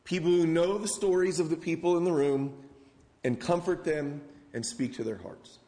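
Guy pastor giving a sermon, kinda higher voice, chatty but earnest, long echo off the hall. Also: normal speed, mellow. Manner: conversational and earnest, with casual asides.

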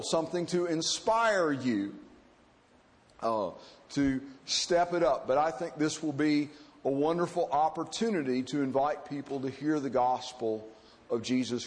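A pastor delivers a sermon in an earnest, halting manner, pausing often on fillers. His voice sits high for a man. A long hall reverb trails each phrase. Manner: earnest, hesitant with frequent fillers.

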